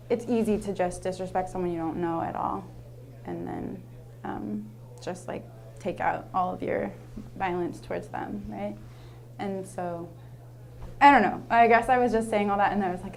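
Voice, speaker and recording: A woman's voice: medium pitch, steady tone, moderate pace, a little mellow. Earnest, rambling young woman teacher. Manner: rambling, heavy use of "like", earnest. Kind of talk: casual personal storytelling.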